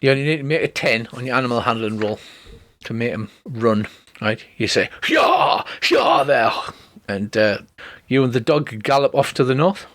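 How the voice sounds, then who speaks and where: A man narrating a tabletop game as its master, making quick, chatty rulings and laughing along. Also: mid-range voice. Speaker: dungeon master.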